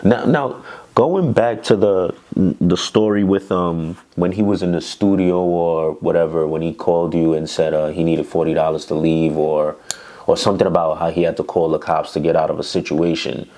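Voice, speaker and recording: A male interviewer with a very deep voice keeps the talk going with short, easy affirmations. His questions come out relaxed and conversational. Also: moderate pace. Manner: laid-back, brief affirmations. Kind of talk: casual interview.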